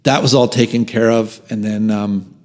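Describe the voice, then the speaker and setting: Animated man telling a story. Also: on the low side, normal speed. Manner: animated storyteller who acts out quotes and drops into whispered asides. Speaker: guest. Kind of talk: storytelling in a podcast interview.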